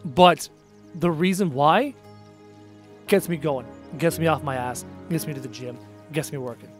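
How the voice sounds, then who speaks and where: A young man with a high voice talks casually on a live stream, answering chat bluntly and hammering his points with repetition. Faint music plays quietly behind him. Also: a little slow. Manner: blunt, emphatic, repeats phrases for punch.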